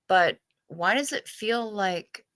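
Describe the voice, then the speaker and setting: Livestream host: middle-aged woman, slow, bright wry chat, dry close mic. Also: medium pitch, expressive, dry recording. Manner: chatty, wry, self-deprecating. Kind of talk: casual livestream chat reading chat.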